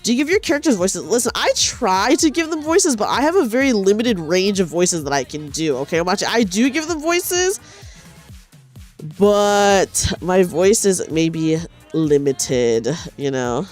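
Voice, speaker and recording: A woman's voice: medium pitch, very animated, unhurried, faint music behind. Chatty young woman streamer, rambling. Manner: chatty, rambling, self-deprecating, with many restarts. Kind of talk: casual chat while knitting.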